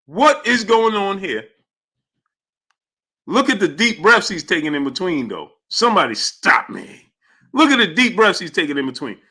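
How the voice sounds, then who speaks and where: A man's voice: sits high, normal speed, slightly rough. A man hosting a live sports stream, reacting with disbelief, repeating himself and reading out viewer chat messages. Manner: animated, incredulous, repeats phrases. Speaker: sports channel host. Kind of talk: live-stream commentary reading super chats.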